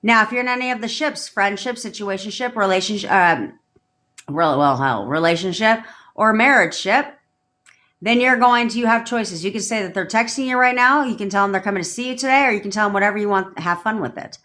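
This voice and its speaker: A woman coach talking straight into her phone during a livestream, blunt and profane. She hammers her points home and repeats affirmations in a commanding tone, at an ordinary middle pitch. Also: a little fast, pushed and bright. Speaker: manifestation coach.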